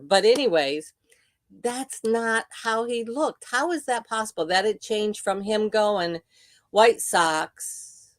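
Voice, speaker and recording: A woman's voice: medium pitch, no echo, clean studio sound. An older woman hosting a livestream, chatting casually and reacting to viewer comments. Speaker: livestream host. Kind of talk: casual chat.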